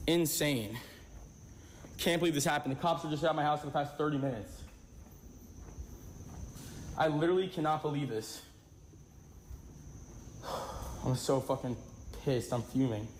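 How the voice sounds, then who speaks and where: A man's voice: fairly high pitch, measured pace, pauses often. A man in a streamed clip, ranting furiously and swearing constantly. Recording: echoey room with faint background noise.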